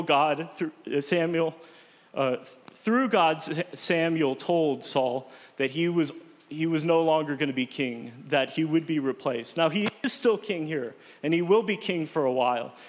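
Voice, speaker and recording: Casual Bible teacher, echoing room. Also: male voice, fairly high pitch. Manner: conversational, informal, with frequent restarts. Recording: long reverb.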